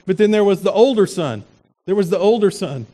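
A male pastor preaching a sermon in an animated way, asking the congregation rhetorical questions. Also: sits high, a little fast.

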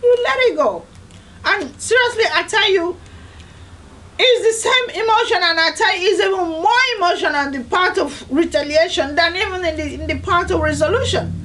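High-voiced woman, earnest. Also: fairly quick, pushed and bright, a little hiss or hum, low-quality recording. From Nigeria. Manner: earnest, emphatic, repeats "I tell you". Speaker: host of a devotional series. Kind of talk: motivational devotional talk.

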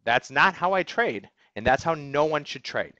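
A man's voice: fairly high pitch, expressive, normal speed, bright, forceful tone, no room sound, lo-fi sound. A man teaching an online trading webinar, talking energetically and emphatically and asking "okay?" after nearly every point. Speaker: trading instructor. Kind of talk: webinar lecture. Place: office.

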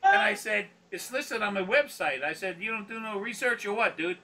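There's a loud crowd around this man, whose high-pitched, expressive voice moves at normal speed. He's telling rambling, foul-mouthed anecdotes on a recorded consultation, laughing often and acting out whoever he quotes as he tells casual stories. The recording comes from a distant mic with faint background noise.

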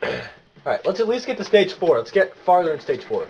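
A man playing a video game and commenting excitedly, often exclaiming and shouting at the screen. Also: sits high, a little fast, dull audio, a little hiss or hum. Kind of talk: excited let's-play commentary.

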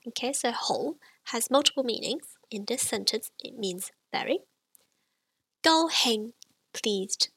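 Female language teacher, slow and patient, dry close recording. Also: fairly high pitch, animated, fairly bright tone, husky, no room sound, poor audio. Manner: patient, demonstrative, drawing out example sounds. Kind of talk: slow, clear language lesson.

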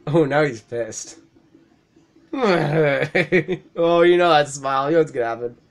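A man's voice: fairly high pitch, takes it slowly. A young man giving casual let's play commentary, swearing freely, laughing often and getting worked up at the screen. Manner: profane, excitable, laughs often.

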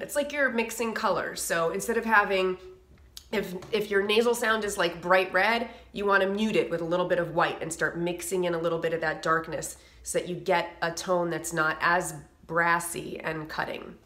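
Bright-voiced woman vocal coach, echoey room. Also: lowish voice. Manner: explains with sung demos and nasal sound effects. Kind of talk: singing lesson to camera.

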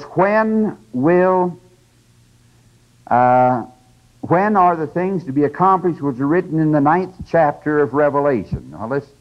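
An older man giving a conversational, emphatic religious lecture, with teaching asides to his audience. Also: mid-range voice. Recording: dull lo-fi lecture tape.

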